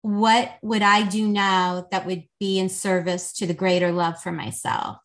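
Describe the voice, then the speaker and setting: A woman guest, an intimacy coach, telling a lively story in a casual podcast chat, with lots of "like". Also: mid-range voice, unhurried. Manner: animated, chatty, lots of "like".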